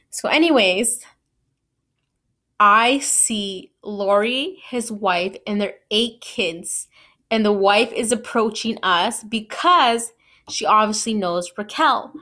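This podcast host, a woman in her twenties, chats her way through a personal anecdote, using plenty of "like" and "you know" and poking fun at herself with laughter. Her voice sits mid-range and sounds bright and forceful.

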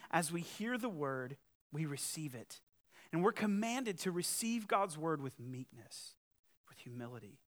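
A male pastor preaching a sermon, emphatic, with conversational asides and rhetorical questions. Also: high-pitched. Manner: emphatic, swings from loud challenge to quiet earnest appeal.

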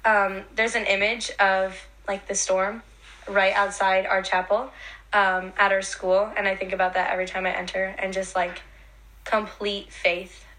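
Bright, chatty young woman. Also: medium pitch, little pitch movement, poor audio. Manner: chatty, quick with many fillers. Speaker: podcast co-host. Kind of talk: casual faith chat.

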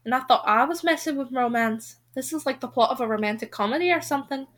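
A woman's voice: sits high, quick pace, fairly bright tone. A woman reading aloud and voicing a frank, curious young woman coworker in an audiobook-style story reading. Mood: prying. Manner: frank and prying.

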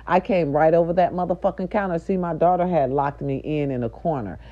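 An older woman, a nurse's aide and grandmother, telling an indignant, profane story straight to her viewers in a loud, animated rant. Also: low voice, fairly quick, lo-fi sound.

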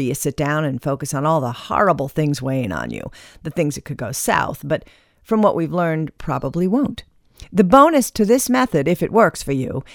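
A woman reading a scripted self-help monologue in a wry, chatty way with lively asides. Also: sits low, no room sound, studio quality.

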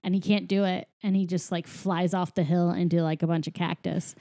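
A woman with a fairly low, level, mellow voice recaps a movie plot as a podcast co-host, talking fairly quickly. She rambles casually with lots of fillers and frequent laughs, recorded in studio quality with no room sound.

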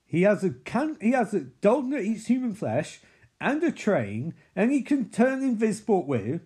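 A man recaps a movie casually and rambles on with open disbelief, swearing as he goes. His pitch sits a little high and swings about a lot in an animated way. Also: unhurried, slightly rough.

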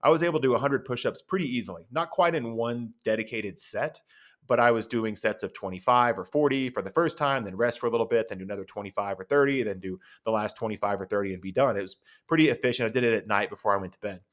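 A man's voice: on the low side, fast talker. A middle-aged man hosting a podcast, telling a personal story in a conversational, rambling way with asides. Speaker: podcast host.

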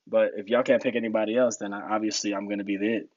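A man telling war stories in a casual podcast interview, animated and laughing, acting out other people's lines in a raised voice. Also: rapid-fire, no room sound. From United States. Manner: animated storyteller, acts out quotes in high voices, laughs often. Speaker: guest. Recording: dull lo-fi podcast audio.

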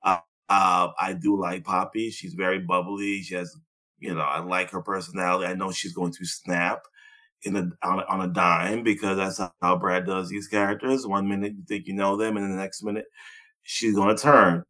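A man's voice: sits low, little pitch movement, normal speed, bright, forceful tone. Blunt, profane man ranting casually. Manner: blunt, profane and laughing, with sarcastic asides. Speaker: podcast co-host. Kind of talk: casual chat.

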